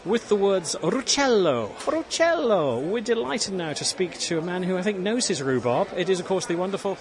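A man's voice: sits high, expressive, background noise. A man hosting a radio show outdoors, teasing and joking with his guests. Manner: jokey, teasing, quick-talking. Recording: busy outdoor crowd behind.

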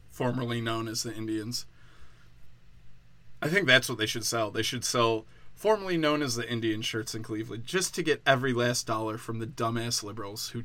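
A man delivering a crude, mocking comedic rant, full of profanity and fast tangents. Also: medium pitch, fairly bright tone, no echo.

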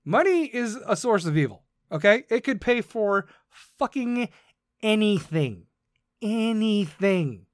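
A man's voice: extremely high pitch, very animated, measured pace, hardly any pauses, no echo, clean studio sound. A man hosting a podcast, ranting in a profane, combative and sarcastic way. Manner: mocks others in put-on voices. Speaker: podcast host. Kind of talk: ranting monologue.

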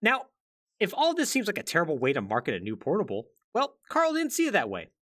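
A man with a high, bright voice talks fast, his pitch swooping wildly as he hosts a podcast. He tells gaming history in a casual, chatty way, full of "like" and wry asides.

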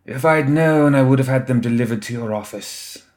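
This is a bitter secretary holding his temper, his replies clipped and cold, as a male narrator voices him. The voice sits low and controlled for a dark fantasy audiobook. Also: moderate pace, lightly acted. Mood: restrained. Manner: clipped, speaking through gritted teeth. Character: cold, resentful male secretary, tightly restrained. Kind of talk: audiobook character voice.

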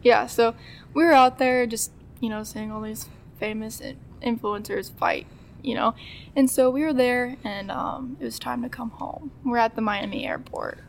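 Woman, twenties, podcast guest, gravelly, faint noise behind, chatty storytelling. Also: a little high, fairly even intonation, moderate pace. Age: 20s. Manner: chatty, acts out quoted dialogue, laughs often. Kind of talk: casual storytelling.

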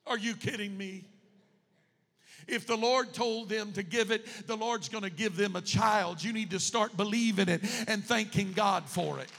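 High-voiced gravelly pastor in echoing hall. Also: male voice, moderate pace. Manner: emotional, building to fervent shouts. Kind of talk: sermon storytelling.

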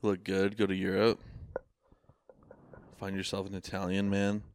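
A man's voice: deep voice, monotone, measured pace, a little mellow, smooth, dry recording, studio quality. A young man co-hosting a podcast in casual chat, easygoing and laughing often. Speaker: podcast co-host.

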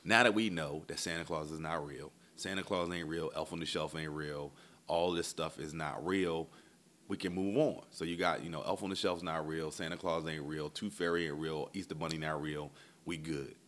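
Deep-voiced man telling a story, blunt. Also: moderate pace. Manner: animated, imitates his kids in high voices; blunt, profane. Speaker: podcast host. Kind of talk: casual storytelling monologue.

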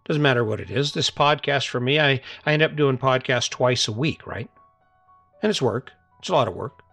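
A man's voice: medium pitch, lively intonation, moderate pace, a bit bright, no echo, faint music behind. A middle-aged man hosting a podcast, giving an earnest, coaxing motivational talk that keeps repeating the same challenge to his listeners. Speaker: podcast host. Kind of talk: motivational monologue.

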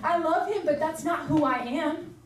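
A woman's voice: high-pitched, moderate pace, slight background noise. A young woman giving a casual, earnest sermon, chatty and full of fillers. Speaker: preacher. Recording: echoey room, voice from far off.

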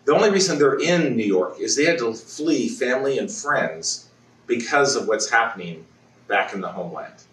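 A man preaches in a relaxed, conversational way, stopping to restart sentences and clear his throat. His voice sits at an ordinary middle pitch. The sound is roomy and picked up from some distance in the church, with a faint hum behind it. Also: moderate pace. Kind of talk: sermon. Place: church sanctuary.

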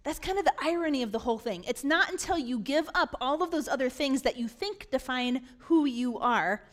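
A woman pastor giving a sermon, animated and acting out voices of scripture figures. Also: high voice, fairly quick. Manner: animated preaching that acts out dialogue.

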